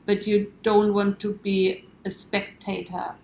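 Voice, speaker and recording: A woman with a gravelly edge to her voice, speaking as an interview guest. She explains things reflectively and leans on imagery. The room adds a noticeable echo, with faint noise behind her. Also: medium pitch, little pitch movement, slow pace, a little mellow. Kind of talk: conversational interview.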